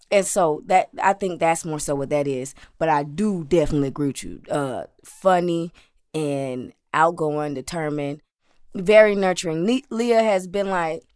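A woman telling family stories in a casual interview, animated and quick to laugh. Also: low voice, clean tone. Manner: animated, lively, laughing as she talks. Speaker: interviewee, aunt.

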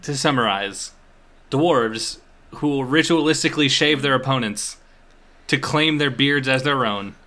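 Young man from Kentucky, casual game-master chat, bright tone, middle pitch, rambles with ums and restarts. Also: measured pace. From Eastern Kentucky. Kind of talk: casual chat about worldbuilding.

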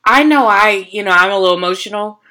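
A woman co-hosting a casual chat podcast, talking about dating and often pausing to find her words. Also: medium pitch, a crowd in the background. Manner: hesitant, searching for words. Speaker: podcast co-host.

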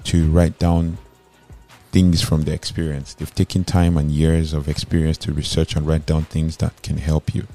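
A man speaks in an extremely deep, dark voice, laying out self-help advice in numbered points. His delivery stays level and earnest, and he sometimes restarts a word mid-sentence. Faint music plays underneath. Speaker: motivational speaker.

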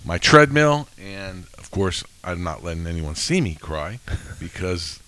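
A man's voice: low voice, very animated, unhurried, bright, forceful tone. A man in his sixties hosting a faith podcast, telling emotional stories in a rambling way with many restarts. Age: 60s. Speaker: podcast host. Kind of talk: casual faith podcast chat.

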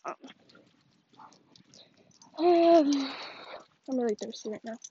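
A woman's voice: high voice, slow, dark tone, dull audio. A young woman chatting casually and rambling as she walks her dog outdoors, full of fillers and gossipy asides. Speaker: vlogger. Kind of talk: casual fake phone chat while walking. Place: outdoors on a neighborhood walk with a dog. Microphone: phone held while walking.

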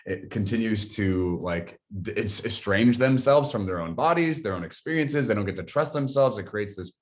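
A man's voice: fairly low pitch, lively intonation, moderate pace. A man hosting a podcast, asking curious, probing questions in a casual way, with plenty of filler words. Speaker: podcast host. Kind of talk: casual interview chat.

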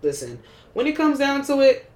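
A woman co-hosting a podcast, chatting casually in a blunt, animated way and laughing often. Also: high-pitched, moderate pace, roomy sound. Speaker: podcast co-host. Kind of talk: casual chat.

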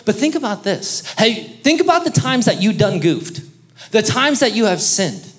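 A man preaching a sermon in a lively, conversational way, joking with the congregation and calling on them to respond. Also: sits high. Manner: lively, conversational preaching with jokes and audience interaction. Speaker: pastor.

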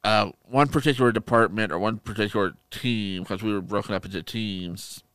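A man co-hosting a podcast, telling stories in casual chat, animated and profane. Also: on the low side, fairly quick, clean tone, dry recording. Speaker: podcast co-host.

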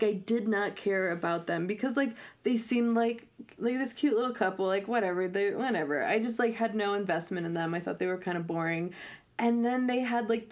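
A woman in casual podcast chat, talking with lots of fillers and laughing often. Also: mid-range voice. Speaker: podcast co-host. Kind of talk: casual chat recapping a reality show.

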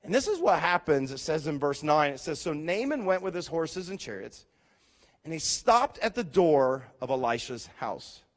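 Lively high-voiced male preacher. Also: normal speed. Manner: animated storytelling, voicing characters, rising to loud emphasis. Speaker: pastor. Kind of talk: sermon.

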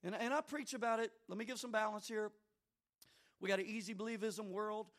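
Fervent high-pitched preacher man. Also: steady tone, fairly quick. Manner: swings between shouted fervor and quiet confessional asides; addresses listeners directly, folksy. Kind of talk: sermon.

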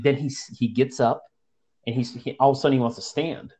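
Husky and mid-range, this young man's voice moves at a quick clip as he casually recounts a story to friends. He curses, uses lots of slang and does impressions of the people involved.

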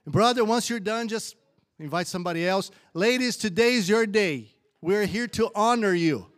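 A man's voice: high-pitched, normal speed. A man addressing a church gathering, exhorting and rambling a little as he leads an appreciation of wives. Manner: warm-hearted, exhortative, rambling.

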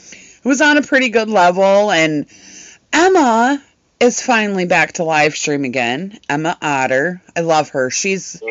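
Animated swearing woman, lively voice. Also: fairly low pitch, measured pace, no room sound, lo-fi sound. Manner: animated, swears freely, laughs often. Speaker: podcast co-host and live streamer. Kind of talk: casual chat, storytelling.

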